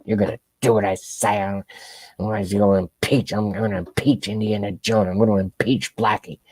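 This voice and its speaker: A man's voice: lowish voice, level tone, normal speed, darkish tone, slightly rough, no room sound. A man doing a mocking impression of a nasty, drunk elderly woman politician, slurred and sneering.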